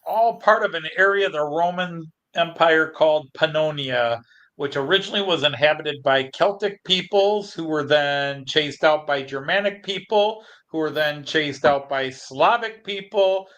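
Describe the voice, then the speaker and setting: A man's voice: fairly high pitch, unhurried, a bit bright, highs cut off. A man casually explaining history in long, chained sentences.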